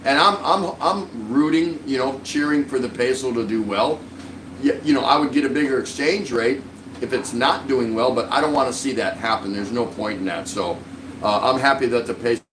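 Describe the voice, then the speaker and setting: A man's voice: medium pitch, moderate pace, distant mic, noisy background. Man, casual live-stream host, friendly and rambling, roomy echo, set back from the mic. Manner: friendly, rambling, greets viewers by name. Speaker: livestream vlog host.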